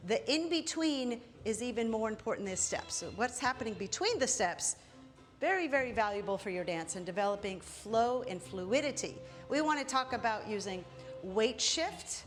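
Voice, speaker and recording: A woman teaching a belly dance class, demonstrating steps as she talks and calling out each move in rhythm. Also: fairly high pitch. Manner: energetic, counts moves aloud with rhythmic cues. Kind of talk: live dance instruction while demonstrating.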